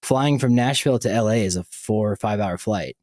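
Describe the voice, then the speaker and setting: This podcast host from the United States has a fairly low, somewhat mellow voice and a brisk delivery. He rambles through a casual chat, full of fillers and restarts, in a dry, studio-quality recording.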